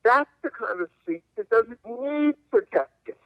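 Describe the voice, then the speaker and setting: A man's voice: very high voice, animated, a little slow, no room sound. Emphatic older man on a tinny phone line. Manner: emphatic, argumentative, lawyerly. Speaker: civil liberties attorney guest. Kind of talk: interview answers by phone. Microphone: telephone.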